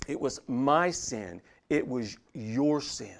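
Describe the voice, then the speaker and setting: A pastor preaching a sermon, swinging from hushed, intimate lines to loud, emphatic ones. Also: male voice, medium pitch, lively intonation, slow pace, creaky, hardly any pauses.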